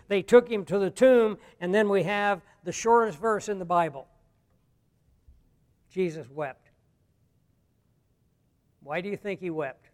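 Man preaching a sermon, smooth clear voice, hush then loud bursts. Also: high-pitched, a little slow, long pauses. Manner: preaching, swings between hushed and loud emphatic lines. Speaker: pastor. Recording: long hall reverb.

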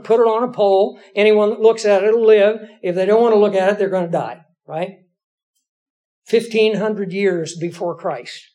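A middle-aged male pastor with a high-pitched voice preaches a story from his own life. He keeps it folksy and conversational and pokes fun at himself. He talks to the congregation as if chatting with friends. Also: warm tone. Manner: conversational, folksy, self-deprecating. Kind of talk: storytelling sermon.

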